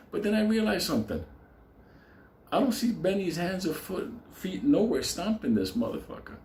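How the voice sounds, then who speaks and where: A man telling a profane story, laughing often and talking with animated energy. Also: medium pitch, normal speed, slight background noise. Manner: laughing, animated, heavy swearing. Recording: echoey room with faint ambience.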